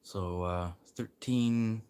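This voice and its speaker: A man with a very deep, low-pitched voice talks casually to his livestream audience. He rambles and swears freely, drifting from quiet mutters to loud, eager pep talk. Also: drawn-out words, clear, resonant tone. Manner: rambling, profane, swinging between muttering and loud encouragement.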